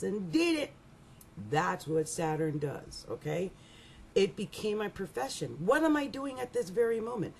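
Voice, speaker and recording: A middle-aged woman giving a rambling, animated astrology reading, laughing often and restarting her sentences. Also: mid-range voice, vocal fry, slight background noise. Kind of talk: casual monthly astrology reading.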